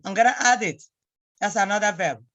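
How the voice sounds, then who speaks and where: A woman's voice: medium pitch, fairly quick, fairly bright tone, muffled recording. A woman teaching a beginner Igbo lesson, patiently repeating phrases and spelling them out. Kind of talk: slow beginner language lesson.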